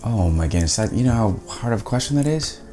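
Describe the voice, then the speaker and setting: Low-voiced man joking while eating. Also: animated, fast talker, warm tone, faint music behind. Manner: jokey, eating while talking. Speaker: podcast guest. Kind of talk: casual chat.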